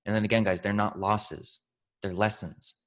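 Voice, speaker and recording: Man, low voice, casual Q&A, profane pep talk, coach-like, calls listeners family. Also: level tone, moderate pace, fairly bright tone. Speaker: trading mentor answering questions.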